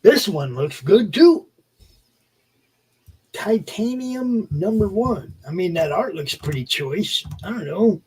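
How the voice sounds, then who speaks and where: A man's voice: sits high, animated, slow, a little mellow, breathy edge, poor audio. A man co-hosting a casual livestream chat, rambling and offhand and swearing casually as he looks over new comics. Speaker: co-host.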